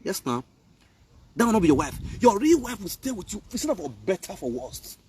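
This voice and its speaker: Animated Nigerian Pidgin-speaking man, scolding. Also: high voice, fairly quick, far from the mic, a little hiss or hum. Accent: Nigerian Pidgin English. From Benin, Nigeria. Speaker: online commentator. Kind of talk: live video rant.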